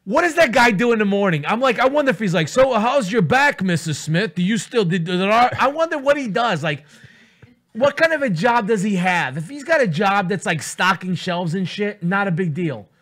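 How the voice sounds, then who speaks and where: A man's voice: high voice, moderate pace. A middle-aged man co-hosting a radio show, telling crude comic stories full of swearing and acted-out voices. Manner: profane, animated storytelling, acts out voices. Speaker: radio co-host. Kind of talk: casual comedic banter.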